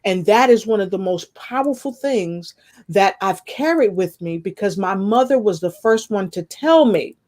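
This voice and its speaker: A woman's voice: mid-range voice, moderate pace. Earnest woman telling a personal story. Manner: earnest, expressive storytelling with spiritual references. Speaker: guest. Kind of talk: personal testimony in conversation.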